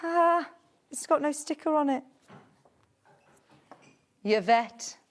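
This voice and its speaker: A woman hosts a live sales show from a studio, chatting warmly about fabrics and gushing over each one. Her voice sits a little high and swoops up sharply whenever something delights her. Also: lively intonation, slow. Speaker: shopping channel presenter.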